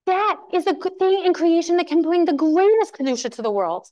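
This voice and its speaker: A married woman teaching a Torah class to women, telling a story in a lively way and acting out the quotes. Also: very high-pitched, a little fast, dull audio. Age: adult. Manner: animated storytelling, acts out quotes.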